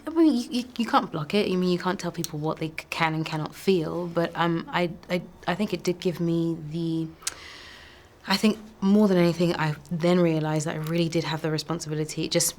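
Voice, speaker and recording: Soft-spoken woman actor, lowish voice. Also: a little fast. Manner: thoughtful, soft-spoken, laughs often. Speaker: actor promoting a film. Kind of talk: press junket interview.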